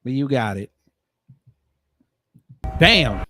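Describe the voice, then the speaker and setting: A man giving casual, joking reaction commentary, animated and sometimes shouting. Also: mid-range voice, very slow, noisy background.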